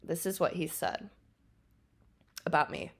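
A woman hosting a podcast and telling stories casually, laughing often and pausing on ums. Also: sits low, creaky, breathy edge. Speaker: podcast host. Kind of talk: casual storytelling.

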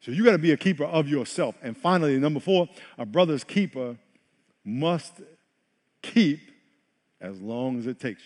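Pastor, male, slightly high voice, emphatic preaching with repeated words, long hall reverb. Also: lively intonation, moderate pace. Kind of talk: sermon.

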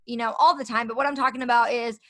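A woman's voice: fairly high pitch, steady tone, fast talker, fairly bright tone, no echo. A young woman hosting her own podcast, talking earnestly and encouragingly to her listeners. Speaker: podcast host. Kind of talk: solo podcast talk.

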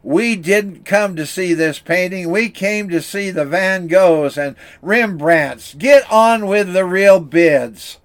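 A man voicing an impatient male bidder shouting from an auction crowd. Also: sits high, takes it slowly, hardly any pauses. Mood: angry.

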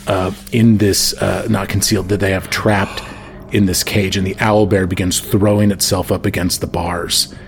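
A man's voice: deep voice, flat delivery, moderate pace, vocal fry, a little hiss or hum. A man narrating a tabletop game as game master, rambling with many fillers.

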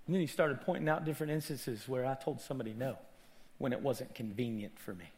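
A man preaching a sermon as a pastor, dramatic, dropping to near-whispers and rising to loud shouts, acting out the people he quotes. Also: medium pitch, quick pace.

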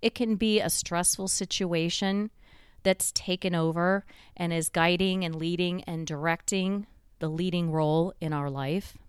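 Smooth-voiced woman giving a motivational talk. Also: on the low side, steady tone, no echo, studio quality. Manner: reflective, slows down to stress key points; builds points through repeated phrases. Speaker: motivational speaker.

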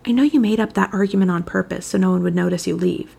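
A woman's voice: fairly low pitch, quick pace, creaky, mellow, husky, full character voice. A woman reading aloud, voicing a cocky, teasing young wizard boy in a fan fiction reading. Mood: smug. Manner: teasing, smug.

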